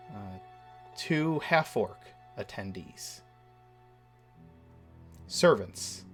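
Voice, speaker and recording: A man narrating as dungeon master of a tabletop game, measured and full of uhs and ums. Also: on the low side. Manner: measured, with frequent uh and um.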